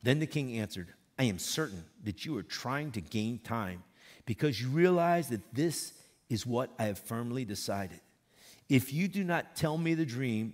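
Animated husky male preacher. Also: mid-range voice. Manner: animated preaching, reads scripture aloud with emphatic repetition. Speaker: pastor. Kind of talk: sermon.

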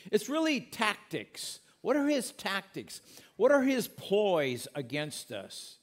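Man preaching in a conversational tone. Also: a little high. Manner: conversational preaching with corny jokes; reads scripture aloud and explains it. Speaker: pastor. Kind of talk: sermon.

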